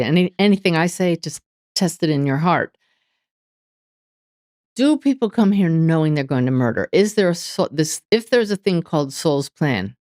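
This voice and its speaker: A woman being interviewed as a medium, telling lively stories and acting out inner dialogue. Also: low-pitched, no room sound, clean studio sound. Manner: animated storytelling, voices inner dialogue. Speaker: guest medium. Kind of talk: interview conversation.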